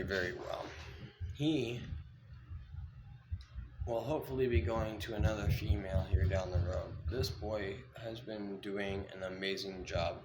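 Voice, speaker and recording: A man breeding pythons, talking casually with many fillers and restarts, cooing softly to his snakes in between. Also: on the low side, roomy sound, background noise. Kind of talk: casual vlog.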